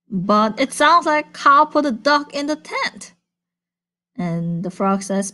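A woman reading a children's picture book aloud at bedtime, playful and animated. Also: fairly high pitch, slow pace.

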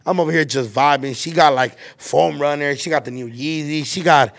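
Gravelly young man telling a rambling story. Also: fairly high pitch, a little fast, a bit bright. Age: 20s. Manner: rambling storyteller, lots of filler and slang. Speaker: podcast host. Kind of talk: casual chat.

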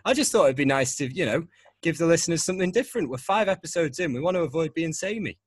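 A man's voice: a little high, lively intonation, quick pace, husky, no room sound. A young man hosting a podcast, chatting casually, rambling and laughing often. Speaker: podcast host. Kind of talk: casual chat.

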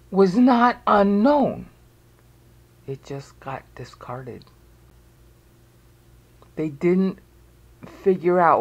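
In a medium-pitched, slightly mellow voice, a video presenter explains research by narrating a screen-recorded walkthrough. They search on screen while thinking aloud, offering pointed, emphatic remarks.

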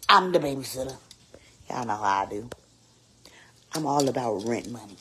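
A performer voicing a sassy, vain woman babysitter in a live-streamed comedy skit, loud and teasing, repeating lines and swooping up into squeals. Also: mid-range voice, very animated, measured pace, a little hiss or hum.

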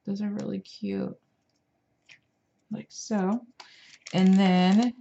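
Woman craft vlogger, tired and chatty, unhurried lower voice on a lo-fi mic. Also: flat delivery, gravelly, mellow, a little hiss or hum. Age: adult parent. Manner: chatty, enthusiastic, many fillers. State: tired, yawning. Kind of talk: casual show-and-tell.

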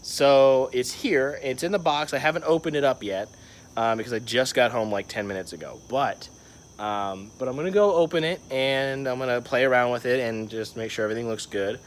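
A man's voice: medium pitch, a little fast, a little hiss or hum. Rambling young male vlogger. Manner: rambling, filler-heavy storytelling. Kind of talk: casual vlog monologue.

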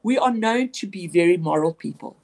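A woman's voice: lowish voice, expressive, a little fast, darkish tone. Earnest woman telling a story on radio. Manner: reflective, earnest, with frequent restarts. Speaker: interview guest, educator. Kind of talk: personal storytelling in a radio interview.

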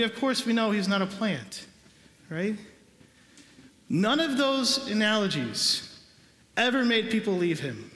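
A priest delivers a sermon with a high, bright male voice, stressing his points and tossing rhetorical questions to the pews. His words ring out through a large church with a long, echoing tail. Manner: emphatic, conversational preaching with rhetorical questions. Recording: echoey church with long reverb.

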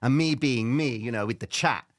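A man hosting a live stream, telling a dramatic personal story with lively slang. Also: medium pitch, normal speed, no room sound. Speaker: trading show host.

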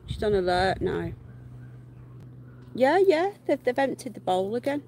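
A woman's voice: fairly high pitch, very animated, a little slow, darkish tone, slight background noise. A woman, chatting casually on a live stream from her garden and cooing to her pet rabbits in baby talk. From England. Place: outdoor garden.

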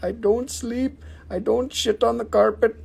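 A man voicing a small carved stone dog, eager to please, begging in a high sweet voice. The voice stays slightly gravelly under the lift. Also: fairly even intonation, a little slow, darkish tone, full character voice.

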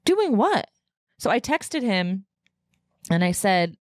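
A woman's voice: mid-range voice, very animated, slow pace, long pauses, no echo, studio quality. A woman podcast host in a casual solo rant, venting in a profane, fired-up way from her home podcast room.

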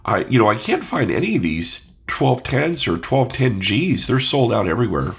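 A man's voice: medium pitch, big pitch swings, moderate pace, gravelly, slight background noise. A man with a stuffed-up nose talking casually to camera, musing and asking his viewers questions. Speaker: audio vlogger.

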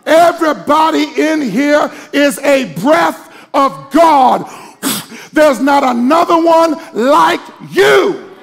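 A man delivers a sermon in a high, gravelly, husky voice, drawing his words out slowly. He calls on the congregation to respond, and they can be faintly heard in the church. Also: animated. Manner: builds from hushed teaching to shouted preaching. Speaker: preacher.

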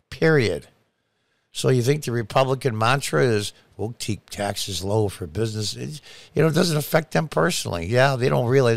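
A man's voice: medium pitch, gravelly, no room sound. A middle-aged American man hosting his own political commentary show, reading news aloud and scoffing at it.

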